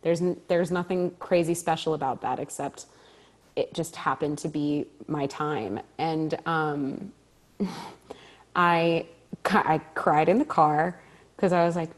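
Taking her time, a low-voiced stage actor shares a story conversationally, bringing quoted lines to life with animated delivery. Frequent laughter punctuates her telling.

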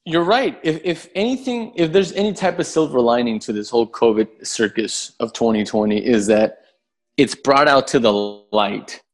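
A man, a podcast guest who tells a story in a casual, animated way, swearing freely and acting out the voices of the people in it. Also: mid-range voice, moderate pace. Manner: animated, profane, acts out voices in his story.

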